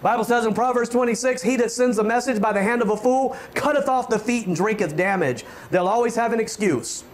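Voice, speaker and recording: High-voiced man preaching fervently. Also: a little fast, few pauses. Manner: fervent preaching with frequent stammered restarts, rising to shouts. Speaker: pastor. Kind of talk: sermon.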